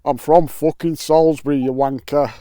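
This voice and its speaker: A man's voice: a little high, steady tone, moderate pace, mellow, clean tone, no echo, studio quality, natural voice. A man voicing a crude, scornful southern English bloke who swears and sneers at everything, outdoors. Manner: swearing, dismissive. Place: outdoors on an island.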